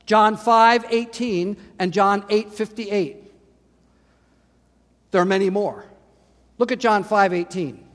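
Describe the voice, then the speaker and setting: A man preaching a sermon, dramatic, rising to loud emphatic lines when he quotes scripture. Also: high-pitched, takes it slowly, pauses often. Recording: long hall reverb.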